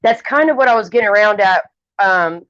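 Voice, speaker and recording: A woman's voice: mid-range voice, lively intonation, fairly quick, a bit bright, no room sound. A woman co-hosting a livestream in casual chat, blunt and opinionated, talking at length. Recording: dull lo-fi stream audio.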